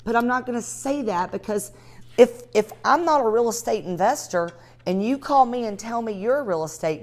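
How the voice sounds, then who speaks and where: A woman teaching a live class on real estate cold calling. She talks to her students by name in an energetic, direct way. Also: mid-range voice. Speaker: real estate investing instructor.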